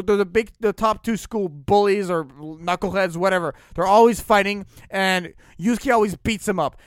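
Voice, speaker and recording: A man's voice: sits high, fairly bright tone, clean tone, no echo, studio quality. A man co-hosting a podcast, casually rambling about anime characters with frequent restarts. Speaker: podcast co-host.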